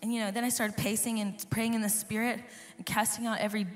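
A woman worship leader, hoarse and losing her voice, telling an earnest personal testimony to a live audience. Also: fairly high pitch, level tone, fast talker. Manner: earnest, storytelling, talks to the crowd. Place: large conference hall. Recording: live hall reverb with soft music.

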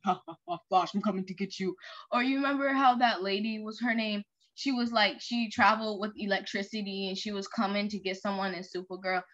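Young woman host, rambling game commentary, higher voice, lo-fi muffled sound. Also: fairly bright tone. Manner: rambling, chatty, with many fillers. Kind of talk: casual commentary over a story game. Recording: lo-fi muffled recording.

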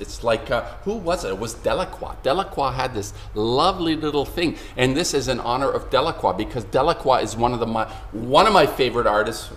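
A man's voice: a little high, expressive, moderate pace. Man ranting indignantly in an echoey room. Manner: indignant, profane, rambling. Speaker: video blogger and artist. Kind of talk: angry ranting commentary. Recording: roomy room echo, faint hiss.

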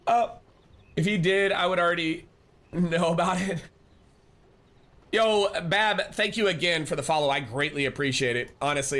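A man's voice: a little high, bright, forceful tone. A man live-streaming, chatting casually and rambling as he answers viewers and thanks them. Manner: rambling, restarts often, reads chat aloud.

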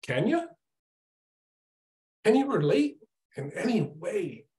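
A man's voice: high voice, big pitch swings, slow, a little mellow. Conversational middle-aged male preacher. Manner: conversational, asks the listener questions, acts out his own exasperated prayers. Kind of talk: informal sermon.

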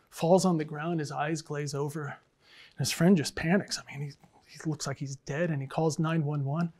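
Deadpan professor telling jokes. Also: male voice, a little high, vocal fry. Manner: dry, deadpan, with many fillers. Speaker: English professor and department chair. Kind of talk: casual joke-telling address to students.

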